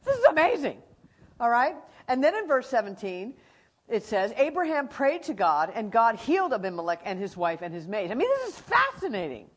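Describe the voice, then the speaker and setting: A woman's voice: a little high, big pitch swings, moderate pace. A middle-aged woman teaching from the Bible, telling stories with energy and acting out animals and friends.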